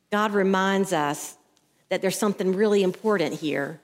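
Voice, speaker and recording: A woman's voice: medium pitch, moderate pace. Woman preaching in a reverberant hall. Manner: storytelling, acts out voices in anecdotes. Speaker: pastor. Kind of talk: sermon. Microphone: headset mic at the ear.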